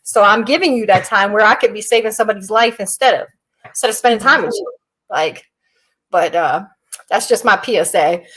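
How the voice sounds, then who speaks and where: A woman's voice: medium pitch, fairly quick, fairly bright tone, slightly rough, low-quality recording. A woman and military veteran chatting casually on a podcast, telling stories bluntly and animatedly with Southern slang.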